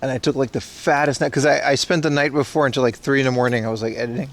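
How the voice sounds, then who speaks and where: A man's voice: mid-range voice, steady tone, rapid-fire, a bit bright. A sleep-deprived man hosting a casual livestream, joking sarcastically with chat while walking along a city street. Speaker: livestream host. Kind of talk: casual IRL stream chat, reading chat.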